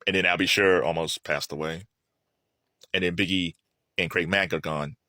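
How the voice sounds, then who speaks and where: A man giving casual solo commentary, chatty and animated, laughing often and restarting his sentences. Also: sits low, moderate pace, no echo, studio quality.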